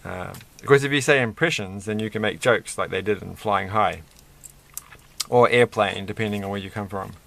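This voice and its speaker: A man's voice: fairly low pitch, moderate pace, creaky, fairly bright tone. A man hosting a casual toy-building video, rambling and chatty with self-deprecating asides. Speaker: host.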